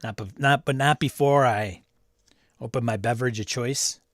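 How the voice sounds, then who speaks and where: A man's voice: medium pitch, normal speed, no room sound, clean studio sound. A man hosting a casual live-stream chat about tabletop games, greeting viewers by name, reading chat aloud and adding snarky asides. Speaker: livestream host.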